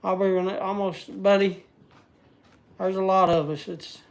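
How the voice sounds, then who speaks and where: A man's voice: high-pitched, little pitch movement, a little slow, creaky, pauses often. A man chatting casually on a livestream, rambling and searching for words. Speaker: vlogger.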